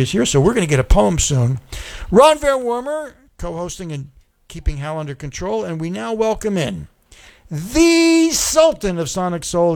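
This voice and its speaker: Guy radio host, high voice, rambly casual ad reads full of ums. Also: gravelly. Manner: chatty, loose, with frequent ums and uhs. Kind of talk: casual sponsor reads and show hosting.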